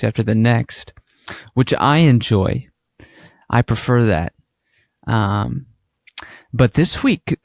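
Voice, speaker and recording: A man co-hosting a casual podcast, chatty and animated as he tells stories. His voice sits in a middle register. He slips into little acted-out exchanges. The sound is close and dry, with no room around it. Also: medium pitch, dry recording. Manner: animated storytelling, acts out quoted exchanges. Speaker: podcast co-host.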